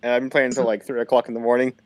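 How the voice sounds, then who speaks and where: A man's voice: mid-range voice, flat delivery, very fast, no echo. A man commentating a live game tournament in a casual, giggly, rambling way, often stumbling over his words. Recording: live stream with game sounds behind.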